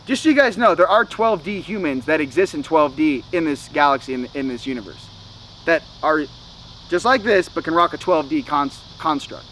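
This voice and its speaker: A man's voice: high voice, a bit bright, rough recording. A man vlogging a casual spiritual talk to his viewers, rambling with lots of "you know" and "okay?".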